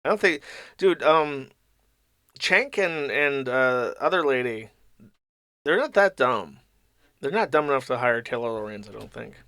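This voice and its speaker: A man's voice: medium pitch, animated, unhurried, pauses often, fairly bright tone, no echo, clean studio sound. A man hosting a livestream, reading paid donations aloud and answering them with mocking, profane commentary. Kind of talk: casual commentary stream.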